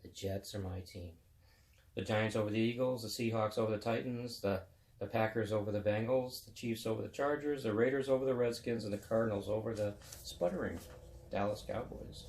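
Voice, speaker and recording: A man's voice: on the low side, fairly quick, darkish tone, echoey room. A man in his fifties hosting a web chat show, talking about sports in a rambling, folksy, casual way. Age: 50s.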